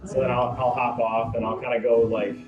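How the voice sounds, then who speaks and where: A man's voice: mid-range voice, flat delivery, a little fast, echoey room, recorded from a distance, muffled recording. A man playing a tabletop game, casually stating his character's moves with uhs and restarts. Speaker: player.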